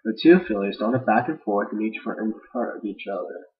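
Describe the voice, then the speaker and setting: A man's voice: on the low side, animated, a little fast. A man casually reading a fan-fiction story aloud without edits, rambling with jokey asides and stumbling over words, on a dull lo-fi home mic.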